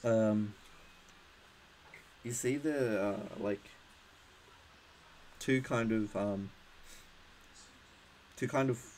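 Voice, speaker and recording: A man runs a tabletop game session, narrating slowly and haltingly, his speech crowded with fillers and restarts. His voice sits low, and a faint noise hum lies under the recording. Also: a little mellow, rough recording. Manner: hesitant, many fillers and restarts. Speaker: game master.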